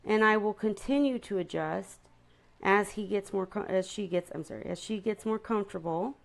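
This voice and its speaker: A woman's voice: medium pitch, normal speed, vocal fry. A woman chatting casually to viewers on a live stream about her seahorses, often stopping to apologize.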